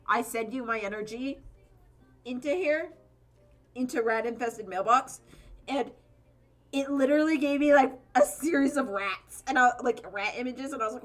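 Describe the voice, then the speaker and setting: Female streamer, bright voice; loose, chatty, profane live-stream banter while drawing. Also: a little high. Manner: rambling, chatty, swears freely.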